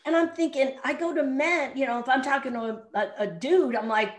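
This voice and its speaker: A woman's voice: sits high, fairly quick. A middle-aged woman, a sales coach and podcast guest, speaking bluntly and directly in an interview. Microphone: remote audio call. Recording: echoey room sound.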